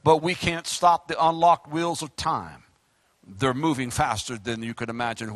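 A middle-aged man, preaching a fiery sermon as pastor, joking and then shouting his exhortations. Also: mid-range voice, moderate pace, no echo.

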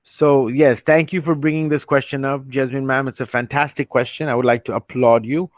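A man's voice: medium pitch, steady tone, a little fast, dry recording. A man leading an online training session, earnest and reassuring, who often restarts his sentences and reads out questions from the chat. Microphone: computer mic on a video call.

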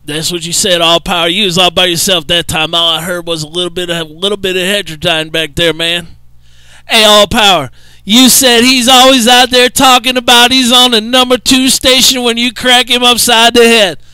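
High, bright man, drawling CB radio relay chatter, dry close sound. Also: level tone, moderate pace, clear, resonant tone, no room sound, poor audio. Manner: drawling Southern trucker talk, laughing, repeating others' words. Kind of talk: CB radio banter.

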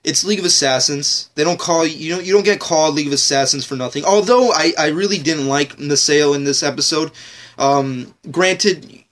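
A man's voice: fairly high pitch, moderate pace, a bit bright. A man ranting casually in a TV episode review vlog, rambling, joking and swearing heavily.

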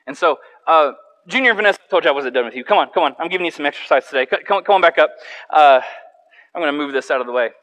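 A man preaching a sermon from a church stage as a pastor, telling a personal story in an animated way and repeating words when he restarts. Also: on the high side, rapid-fire, poor audio.

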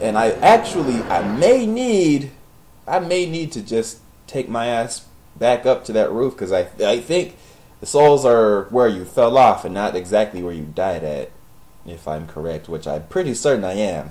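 Young male gamer, sarcastic and profane, very animated pitch, light background noise. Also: a little slow, poor audio. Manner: sarcastic, profane, talks to the game characters. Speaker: gaming commentator. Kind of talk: Let's Play commentary.

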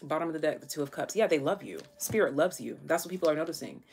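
A woman's voice: deep voice, lively intonation, fast talker, vocal fry, a little mellow, slight background noise. A woman giving a casual, chatty tarot reading to her viewers, full of slang and fillers. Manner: chatty, slangy, thinks aloud with many fillers. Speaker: tarot reader.

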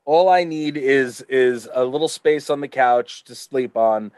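A man's voice: mid-range voice, unhurried, darkish tone, no echo. A man hosting a podcast, talking casually with lots of restarts and repeated words. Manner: stammering, repeats himself, chuckling. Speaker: podcast host.

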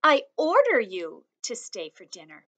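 A woman reading aloud and voicing a bossy, playful young girl in a high, loud voice. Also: huge pitch swings, a little slow, heavily acted.

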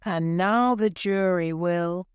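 A woman voicing a stern, bossy male king presiding over a storybook trial, speaking slowly and commandingly. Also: fairly low pitch, clear, resonant tone, no room sound, studio quality.

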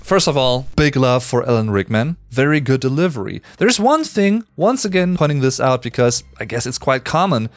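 A man from Germany with a German accent, teaching German in an animated, explanatory way and slowing down to stress sounds. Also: medium pitch, faint music behind. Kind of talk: explaining language.

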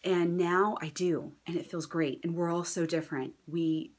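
A low-voiced woman in her thirties shares a heartfelt personal testimonial as a mother. She talks casually and earnestly, with fillers and restarts, and sometimes drops into a whisper. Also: fairly even intonation, moderate pace.

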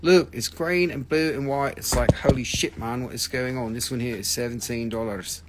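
A man hosting a live stream where he sells rocks, gushing excitably over each stone, swearing freely and bantering with viewers. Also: medium pitch, normal speed, heavy background noise. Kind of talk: live sales stream chat.

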